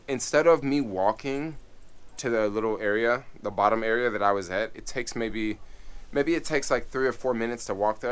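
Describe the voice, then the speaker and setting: A man telling a story on his vlog in an animated, excitable way, full of casual fillers. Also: on the low side. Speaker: vlogger.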